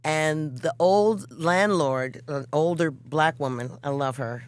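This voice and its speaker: An animated woman guest who tells her stories with vivid, acted-out quotes. Her talk is casual and candid, with frank swearing. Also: low-pitched, slow pace, clean tone, no echo. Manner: animated, acts out quotes in voices, swears freely. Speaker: songwriter guest. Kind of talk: casual storytelling chat.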